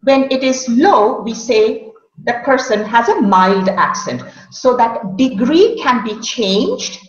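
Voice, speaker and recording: A woman's voice: on the high side, animated, takes it slowly. A woman, speaking as a coach and patiently demonstrating how words should be said. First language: Hindi. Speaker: accent coach. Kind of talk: explanatory interview answers. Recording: roomy, dull lo-fi audio.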